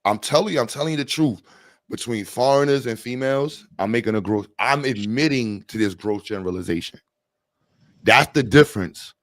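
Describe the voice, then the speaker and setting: A male stream host talks in a blunt, rambling, jokey way at a middle pitch. The sound is dry and close, with no room around it. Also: brisk, fairly bright tone, dry recording. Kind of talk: casual livestream chat.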